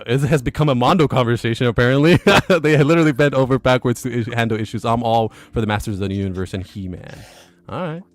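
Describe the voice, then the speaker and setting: A man hosting a casual livestream, reading viewer comments aloud in a relaxed way and chuckling between them. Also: medium pitch, no echo. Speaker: livestream host.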